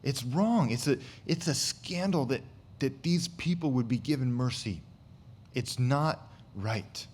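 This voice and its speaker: An American man gives a Bible teaching from the pulpit. His voice sits in an ordinary middle pitch. He speaks casually and keeps returning to "you know" as he goes. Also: animated, measured pace, darkish tone. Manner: conversational, with frequent fillers like "you know". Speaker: pastor.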